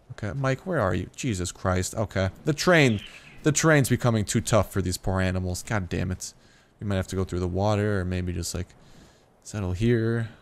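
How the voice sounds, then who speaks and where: Tired young man with casual gaming chatter. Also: fairly low pitch. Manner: chatty, swears freely, rambling with restarts, yelps in surprise. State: tired late at night. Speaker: gaming youtuber. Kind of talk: casual let's play commentary.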